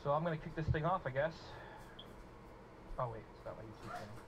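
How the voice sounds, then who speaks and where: A man's voice: a little high, animated, fast. Chatty, joking man with noisy audio. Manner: joking, chatty, laughs often. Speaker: live stream co-host. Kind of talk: casual banter on a live stream. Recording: noisy live stream audio.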